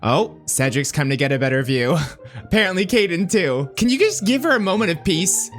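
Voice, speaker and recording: A man's voice: high voice, very animated, fairly quick, soft background music. A man giving casual, playful commentary over a life-sim game, teasing the characters and exclaiming often. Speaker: gameplay commentator.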